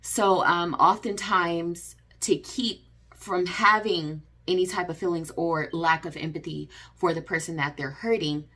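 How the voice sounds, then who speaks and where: A woman's voice: fairly low pitch, steady tone, measured pace, a bit bright. A woman talking to camera in an earnest, repetitive way, with many fillers and restarts. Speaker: vlogger. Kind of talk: personal advice vlog.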